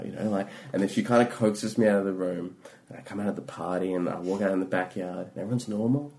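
A male comedian telling a long story in casual talk, rambling with many fillers and swinging from hushed to loud. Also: low-pitched, quick pace, slight background noise. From Australia.

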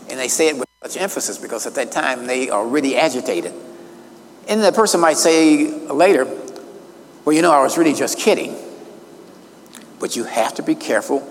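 A man preaching a sermon, emphatic and slowing down to stress key words. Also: mid-range voice, big-room sound, a little hiss or hum, poor audio. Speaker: minister. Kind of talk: sermon teaching from notes.

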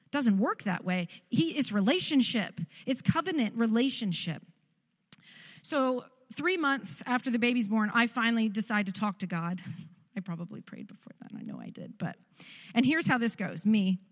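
A woman's voice: on the high side, normal speed, in a large hall. A middle-aged woman giving a personal testimony, telling her story candidly and poking fun at herself. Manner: candid, self-mocking storytelling. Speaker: speaker sharing testimony.

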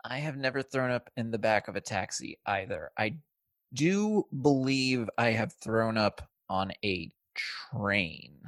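A man's voice: on the low side, a little slow, a bit bright, no echo, clean studio sound. A man co-hosting a casual podcast about a film, chatty and swearing freely, laughing easily. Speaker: podcast co-host.

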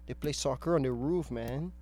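A man's voice: mid-range voice, normal speed. Crude joking young podcast guy. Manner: crude, joking, slips into put-on accents. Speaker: podcast co-host. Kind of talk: casual banter.

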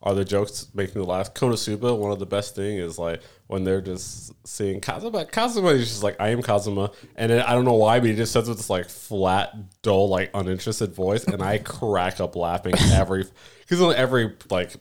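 A man co-hosting a casual podcast, animated, swearing freely and laughing often as he tells stories. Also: fairly low pitch, brisk. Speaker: podcast co-host. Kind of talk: casual chat.

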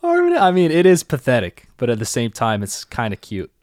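A man's voice: mid-range voice, wildly swooping pitch, fairly quick, darkish tone, slight background noise. A young man co-hosting a podcast, casually recapping an anime episode and thinking aloud. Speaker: podcast co-host.

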